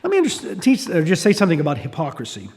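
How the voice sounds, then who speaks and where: A man's voice: a little high, huge pitch swings, fast talker, a little mellow. A man giving a sermon as pastor, talking conversationally with restarts and asides. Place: church hall. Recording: reverberant hall.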